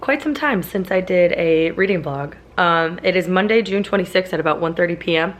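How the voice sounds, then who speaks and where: A young woman vlogging about her reading, chatty and full of "like" fillers, her voice raspy from laryngitis and a sinus infection. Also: fairly low pitch, a little fast. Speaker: book vlogger. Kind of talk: casual reading vlog chat.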